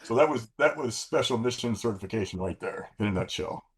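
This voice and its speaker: A man's voice: medium pitch, fairly quick. A man in his sixties, a former military pilot, telling stories casually in an interview, with many restarts and blunt, profane language. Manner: relaxed anecdotes with frequent restarts and profanity. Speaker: former fighter-bomber pilot, guest.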